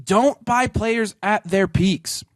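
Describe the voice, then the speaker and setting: A man co-hosting a casual talk show, giving emphatic, rapid advice. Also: high-pitched, no room sound, clean studio sound. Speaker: podcast co-host. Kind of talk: casual chat.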